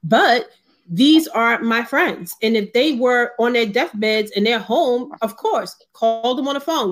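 Earnest woman co-host, somewhat high voice, conversational. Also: animated, unhurried. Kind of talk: casual online discussion.

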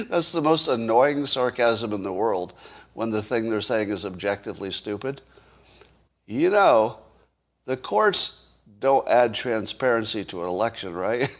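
A man hosting a casual solo commentary, musing aloud with rhetorical questions and wry chuckles. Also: on the low side.

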